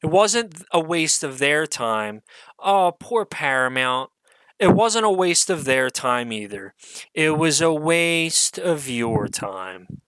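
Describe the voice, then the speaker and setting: A man's voice: fairly high pitch, expressive, takes it slowly, a bit bright, smooth, no echo, rough recording. Exasperated man ranting with lots of swearing. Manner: profane, exasperated and sarcastic, with swearing and fillers. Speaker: online commentator. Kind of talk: unscripted solo rant.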